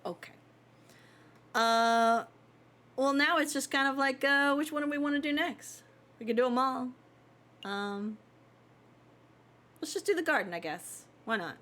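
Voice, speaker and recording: A woman's voice: high voice, a little slow, pauses often, a bit bright, slight background noise. A woman streaming a game, chatting in a hesitant, easygoing way. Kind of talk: casual chat while streaming.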